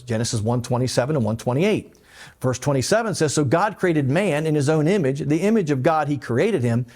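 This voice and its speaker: A man teaching a Bible lesson as pastor, explaining and animated, with light asides. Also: on the high side. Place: church.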